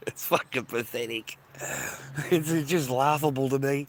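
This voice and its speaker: A man's voice: mid-range voice, expressive, normal speed, slight background noise. Swearing Australian man rambling outdoors. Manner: profane, rambling, slangy, repeats himself. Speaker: vlogger. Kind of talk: rambling casual monologue to camera. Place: outdoors by water with ducks.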